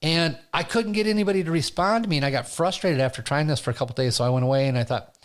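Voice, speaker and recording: Animated male comedian telling stories. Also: medium pitch, quick pace. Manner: animated, laughs through his stories. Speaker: stand-up comedian, interview guest. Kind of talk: casual storytelling.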